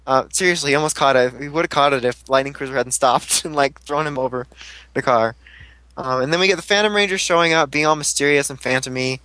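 A man's voice: mid-range voice, fast talker, sharp tone, dry recording, poor audio. A man chatting casually as a podcast host, rambling through a recap with frequent swearing and fillers.

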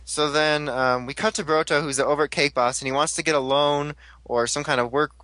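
A young man hosting a casual podcast, recapping an episode with jokes and quick character impressions. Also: fairly high pitch, steady tone, sharp tone, dry recording. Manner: jokey, quick voice impressions of characters, laughs a lot. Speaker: podcast host recapping a show.

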